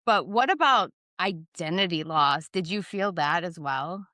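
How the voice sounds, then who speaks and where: A woman's voice: fairly low pitch, lively intonation, unhurried, sharp tone, dry recording, clean studio sound. A woman in her thirties hosting a podcast, asking questions in a sympathetic, affirming way. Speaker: podcast host. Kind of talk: interviewing.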